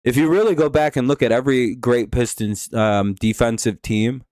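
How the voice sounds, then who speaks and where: A man's voice: mid-range voice, normal speed, darkish tone, no echo, clean studio sound. A man hosting a live stream, giving rambling, offhand game commentary with casual swearing.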